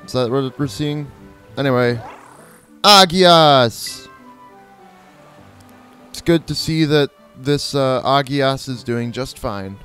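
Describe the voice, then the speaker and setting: Faint music plays behind a man with a smooth, mid-range voice who speaks a little slowly. He hosts a gameplay video, casually commenting on his play in a rambling, playful way, correcting himself and mimicking creature cries.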